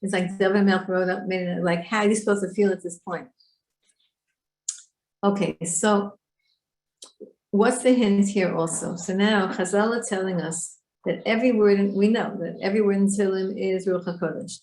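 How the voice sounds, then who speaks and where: A woman's voice: medium pitch, fairly even intonation, moderate pace, darkish tone. A woman teaching a women's Torah class online, explaining Hebrew words and asking her students questions. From Israel. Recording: echoey room.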